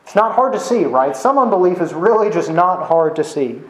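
A pastor preaches a sermon in a high, expressive voice at a moderate pace, keeping it conversational and frequently tossing in "right?" as a tag question. The room is echoey, and there's a slight hiss or hum underneath.

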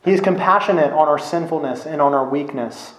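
A man's voice: on the high side, fairly quick. A man preaching a sermon in an earnest, emphatic way, driving points home with repetition. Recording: echoey room.

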